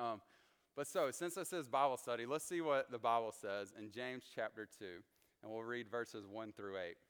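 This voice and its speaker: Man, Bible study leader, chatty storyteller, smooth clear voice, long reverb of a church hall. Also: on the low side. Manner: chatty, animated storyteller with frequent fillers.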